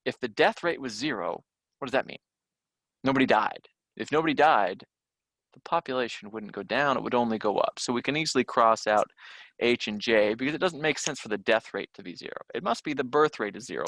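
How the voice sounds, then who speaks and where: A man with a bright, forward voice walks students through test questions in a relaxed, conversational lesson. He talks with many fillers and restarts. The sound is dry and close, with no room echo. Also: medium pitch. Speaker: teacher. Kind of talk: recorded test-prep lesson.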